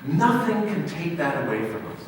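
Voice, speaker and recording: A male pastor delivers a sermon in a church hall, building to loud emphatic peaks and falling away to quiet lines. The mic sits far off, so his voice rings through a long, roomy reverb with a faint hum of ambience behind. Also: fairly high pitch, big pitch swings, normal speed. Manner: dynamic preaching, swinging from loud emphasis to near hush.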